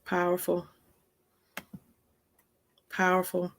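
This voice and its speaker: Woman host, mid-pitched, gravelly edge, lively emphatic teacher. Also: extremely slow. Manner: animated, emphatic storytelling. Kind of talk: informal spiritual teaching.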